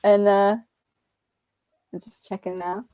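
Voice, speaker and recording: A woman's voice: medium pitch, little pitch movement, takes it slowly, mellow, clear, resonant tone. A woman with a British accent, a comic creator guest chatting casually and laughing a lot. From Britain. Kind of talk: casual interview chat.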